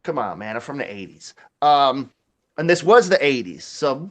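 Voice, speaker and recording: A man's voice: medium pitch, animated, normal speed, fairly bright tone. A man, telling a rambling, profane story in casual chat, laughing often. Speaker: podcast host.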